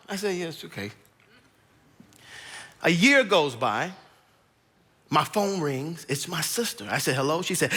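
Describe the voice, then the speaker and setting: Long reverb from a large auditorium surrounds a man in his thirties, a guest pastor preaching from a church stage. His fairly high voice swings widely in pitch, unhurried with long pauses, pushed and bright with a breathy edge, as he tells a personal story and imitates his family members.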